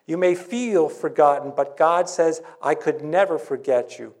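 A male pastor preaches a sermon in church in a fairly high-pitched, darkish voice. He's earnest, using dramatic pauses and reading scripture aloud.

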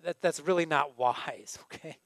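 A male pastor with a high voice gives a sermon in a relaxed, conversational manner. He often stops to ask his listeners questions. The sound is dry and close, with no room echo. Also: normal speed. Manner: conversational, asks the congregation questions.

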